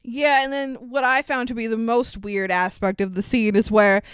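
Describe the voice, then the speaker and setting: A woman's voice: fairly high pitch, steady tone, moderate pace, clean tone, no room sound. A woman co-hosting a movie review podcast, casual and sarcastic, swearing and laughing often. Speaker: podcast co-host.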